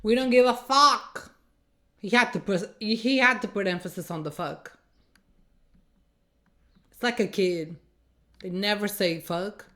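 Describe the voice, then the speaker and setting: A woman's voice: medium pitch, unhurried, long pauses, a bit bright. A woman hosting a reaction video, giving casual commentary in a blunt, sarcastic, exasperated way.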